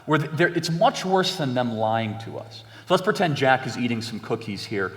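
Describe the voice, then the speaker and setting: A young man in animated conversation, talking emphatically and acting out exchanges he quotes. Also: medium pitch, normal speed. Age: young adult. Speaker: guest. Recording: long hall reverb.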